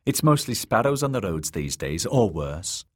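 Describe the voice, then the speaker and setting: A man's voice: fairly low pitch, sing-song, normal speed. A man voicing a wary, blunt ten-year-old girl who runs an inn, read as an audiobook character. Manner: blunt, suspicious.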